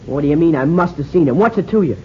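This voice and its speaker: A man's voice: fairly high pitch, animated, fast, a little hiss or hum, close to an everyday voice. An actor playing an eager, brash young ranch boy with a boyish western drawl, in a 1950s radio drama. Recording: dull lo-fi old radio broadcast.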